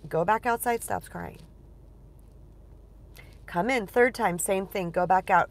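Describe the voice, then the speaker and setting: A woman's voice: medium pitch, a little slow, long pauses. A woman coach talking casually on a livestream, chatty and digressive, telling personal stories with animation. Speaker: relationship coach.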